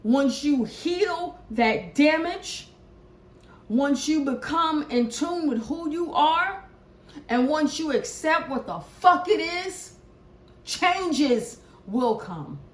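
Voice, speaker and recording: A high-pitched woman gives a preachy, cursing tarot reading. She speaks slowly and deliberately, sometimes loud and sometimes near a murmur. Her voice rings around an echoey room over a faint background hiss. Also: lively intonation. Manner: profane, preachy, swings from shouting to hushed prayer. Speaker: tarot reader. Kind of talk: impassioned collective reading rant.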